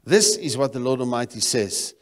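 Pastor from South Africa, mid-pitched male voice, preaching with sudden loud rises and hushed drops, long church reverb. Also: expressive, normal speed. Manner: preaching with swings between loud exclamations and quiet emphasis. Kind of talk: sermon. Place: church sanctuary.

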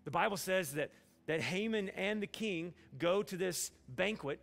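Folksy pastor, high gravelly voice. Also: male voice, a little slow, a bit bright. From Alabama. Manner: folksy, humorous storytelling with acted-out dialogue. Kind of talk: sermon.

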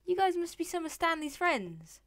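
A woman's voice: very high-pitched, sing-song, normal speed, fairly bright tone. A woman giving playful, chatty gameplay commentary, talking to in-game animals and dropping into whispered asides. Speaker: Let's Play gamer.

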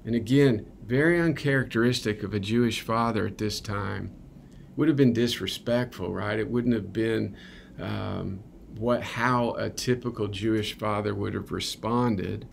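A man's voice: fairly low pitch, a little slow, gravelly, slight background noise. A man giving a conversational, earnest sermon at a recovery ministry, often checking in with "right?". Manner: earnest, keeps asking "right?".

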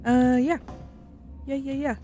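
Young female streamer, relaxed playful commentary; unhurried, slightly high, faint noise. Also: soft background music. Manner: chatty, playful, swears and laughs. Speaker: gaming streamer. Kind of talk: casual let's-play commentary.

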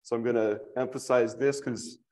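A man teaching a Greek language class in a church classroom, slow and patient, thinking aloud with fillers as he explains. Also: medium pitch, steady tone, a little mellow.

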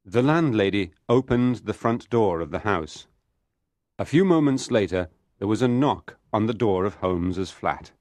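A man reading a story aloud for English learners, slow, clear and steady. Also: fairly low pitch, dry recording. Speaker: narrator.

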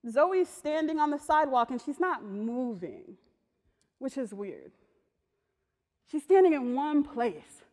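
A woman artist giving a talk, telling personal stories in a lively, slangy way. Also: high-pitched, takes it slowly, pauses often. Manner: lively, slangy storytelling that acts out voices. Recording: long reverb of a large hall.

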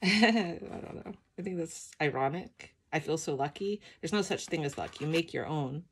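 A middle-aged woman with a sleepy morning voice, chatting softly and emotionally as she flips through her art journal, with many ums. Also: sits low, animated, moderate pace, slight background noise. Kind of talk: casual flip-through chat.

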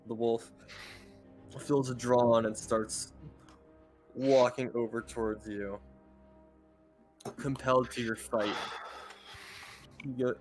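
Guy dming a tabletop game on a call, mid pitch, keeps restarting sentences. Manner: hesitant, restarts often while explaining rules. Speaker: dungeon master.

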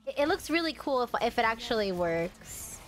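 A young woman talks through her game on a home stream, her fairly high voice chatty and easily excited. She tends to break into sudden exclamations. Faint music plays underneath. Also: moderate pace. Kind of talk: casual gaming commentary.

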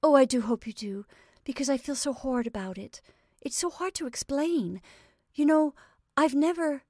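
A woman's voice: high voice, no room sound, clean studio sound, voice pushed up, lightly acted. A woman voicing a playful, impulsive young woman who bubbles over with laughter. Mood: earnest. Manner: bright, bubbly, quick to laugh.

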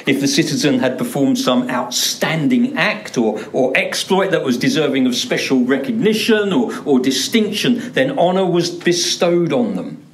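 A man's voice: medium pitch, lively intonation, moderate pace, few pauses. A male pastor preaching a sermon, driving points home by repeating words for emphasis. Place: church.

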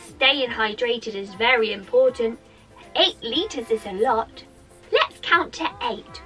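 A woman's voice: on the high side, expressive, slow pace, a bit bright. A woman with a British accent leading an interactive music session for young children, cheerful and sing-song, talking straight to the kids.

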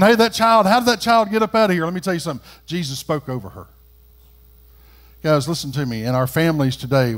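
A middle-aged man preaching a sermon as pastor, folksy, swinging from quiet talk to loud, rising calls. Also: mid-range voice. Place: church sanctuary.

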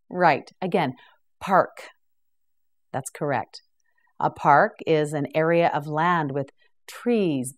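Slow, patient woman teaching English words. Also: deep voice. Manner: patient, repeats each word slowly, gently praises. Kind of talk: slow, clear pronunciation drill.

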